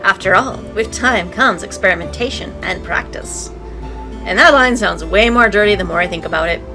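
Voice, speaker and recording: A woman's voice: medium pitch, moderate pace, music in the background, poor audio. A woman narrating a visual novel aloud as a let's play, breaking in with sarcastic, playful asides. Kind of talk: reading game text aloud with commentary.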